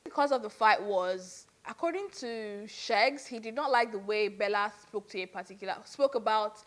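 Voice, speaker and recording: A young woman giving casual, exasperated gossip commentary on a reality show, ranting in a lively way with lots of "like". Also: medium pitch, normal speed. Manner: exasperated, animated ranting with frequent "like".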